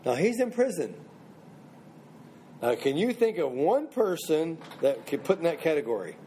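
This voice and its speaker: Mellow-voiced man leading a Bible study. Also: a little high, sing-song, normal speed, slight background noise. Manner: conversational, repeats and restarts phrases, asks the group questions. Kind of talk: informal Bible teaching.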